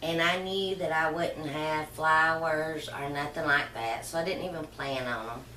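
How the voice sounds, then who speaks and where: A middle-aged woman, rambling softly through an emotional personal story for her channel. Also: low-pitched, fairly even intonation, unhurried, a little hiss or hum. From Southern United States. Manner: rambling, soft-spoken, emotional reminiscing. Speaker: vlogger. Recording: roomy and far from the mic.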